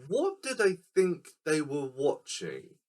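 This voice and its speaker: A man's voice: fairly high pitch, wildly swooping pitch, takes it slowly, darkish tone. A man co-hosting a casual film podcast, explaining scenes and acting them out in silly voices. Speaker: podcast co-host. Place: recording room.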